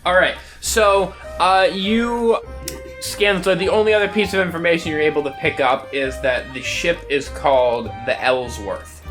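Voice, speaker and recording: A man narrating a tabletop game as game master in a relaxed way, with many fillers. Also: a little high, normal speed, music in the background.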